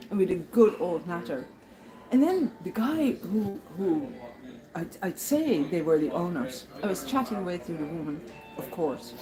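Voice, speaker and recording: A woman's voice: fairly low pitch, rough recording. A woman chatting through her day as a walking pilgrim, rambling and laughing as she acts out the people she met. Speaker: pilgrim vlogger. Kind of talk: casual spoken travel diary.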